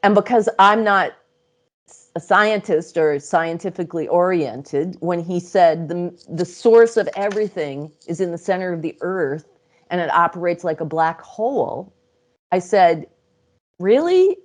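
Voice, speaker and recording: A middle-aged woman with a slightly low voice tells her stories as an interview guest. She talks in a chatty, lively way, breaks into laughter often and slips into little acted-out quotes. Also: measured pace. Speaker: interview guest, psychic channel. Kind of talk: casual storytelling interview.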